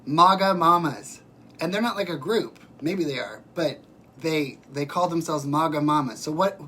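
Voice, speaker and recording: A man's voice: fairly high pitch, a bit bright, slight background noise. Chatty man hosting a livestream. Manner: chatty and emphatic, stretches words, addresses viewers by name. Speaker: livestream host reading viewer comments. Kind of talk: casual livestream chat.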